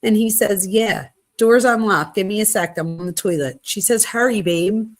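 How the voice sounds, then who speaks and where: A woman at a middle pitch reads text messages aloud for a true crime channel. She keeps it conversational and plain, dropping quick asides between the texts rather than acting out the senders. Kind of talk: reading text messages aloud with casual commentary.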